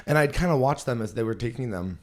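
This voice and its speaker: A comedian and podcast host telling stage stories in a casual, animated way, laughing often and acting out the people he quotes. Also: medium pitch, fast, slight background noise. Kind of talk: casual storytelling.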